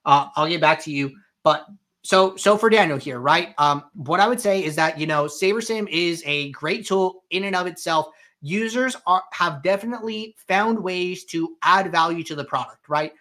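A man hosting a live question-and-answer show, explaining software settings in a conversational way with frequent fillers. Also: a little high, moderate pace. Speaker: host answering viewer questions. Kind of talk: live Q&A tutorial, walking through software.

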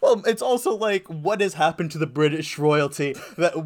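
A young man with a fairly high voice co-hosting a podcast. He talks in loose, sarcastic banter, laughs often and stumbles through filler words. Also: lively intonation, moderate pace. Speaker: podcast co-host. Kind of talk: casual comedic chat.

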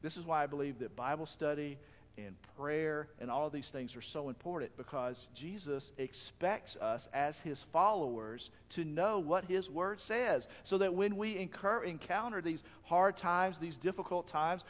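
A man delivers a sermon in an earnest, conversational style and keeps asking his listeners rhetorical questions. His voice sits fairly high for a man. The sound rings with the long reverb of a large hall. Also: normal speed. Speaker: pastor.

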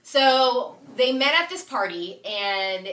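Bright-voiced young woman telling a story. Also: on the high side, takes it slowly. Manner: animated storytelling with voiced quotes and swearing. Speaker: podcast co-host. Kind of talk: casual chat, telling a history story.

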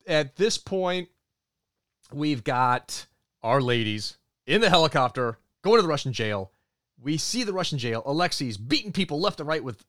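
A man co-hosting a podcast, recapping a film in an animated storytelling way. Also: medium pitch, dry recording, studio quality. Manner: animated storytelling, acts out character quotes. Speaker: podcast co-host. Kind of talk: movie review recap.

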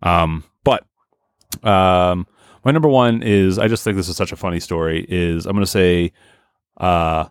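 Low-voiced man teasing his co-host. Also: clean tone, no room sound, studio quality. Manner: blunt, swearing, quick to tease. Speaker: podcast co-host. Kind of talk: casual chat.

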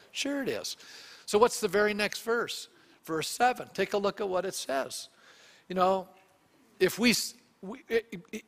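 A male pastor preaching a sermon, animated and often putting questions to the congregation. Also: sits high, in a large hall.

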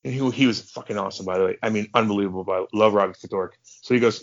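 Here the former hockey enforcer has a lowish voice and talks fast, captured in lo-fi sound. As a podcast guest, he tells casual stories full of profanity, animated throughout and voicing the people involved.

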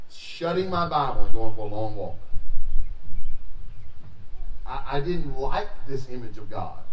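A male pastor delivers a sermon in a loose, joking, conversational way, breaking into loud emphatic bursts. His voice carries a roomy echo and sits back from the microphone, with faint ambience behind it. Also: mid-range voice, far from the mic, slight background noise.

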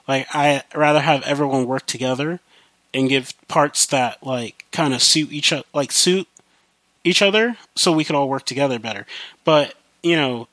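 A man's voice: mid-range voice, a bit bright, no echo. A young man hosting a podcast alone, rambling casually about his life with lots of fillers and restarts. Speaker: podcast host. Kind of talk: casual monologue.

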